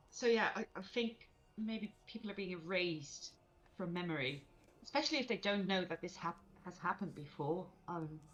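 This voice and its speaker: A woman's voice: medium pitch, a bit bright, lo-fi sound. A woman playing a tabletop role-playing game, talking casually and thinking aloud with frequent laughs. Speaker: player.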